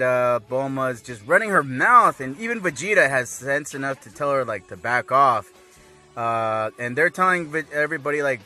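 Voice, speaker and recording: A man giving a casual, rambling recap of an anime episode, laughing often and acting out characters' lines in excited voices. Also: mid-range voice, moderate pace. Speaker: anime reviewer.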